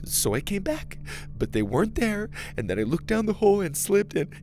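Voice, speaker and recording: A man's voice: high voice, very animated, moderate pace, darkish tone, pitched above the performer's own voice. A man voicing a panicky young girl who rambles frantically, close to tears.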